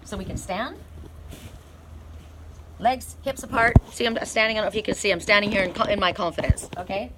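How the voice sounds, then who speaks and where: A middle-aged woman reads oracle cards outdoors, her voice earnest and encouraging with emphatic bursts of excitement. She talks into a camera mic with faint noise behind her. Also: mid-range voice, fairly quick, pauses often. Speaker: oracle card reader. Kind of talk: outdoor tarot-style card reading. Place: outdoors in the cold by an inn.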